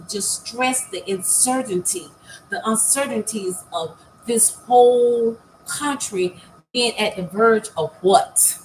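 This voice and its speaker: An older woman talking casually to her viewers as a new content creator, earnest and heartfelt, pausing often with many fillers and repeated words. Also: mid-range voice, poor audio. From United States. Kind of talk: casual vlog talk to viewers. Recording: faint background noise.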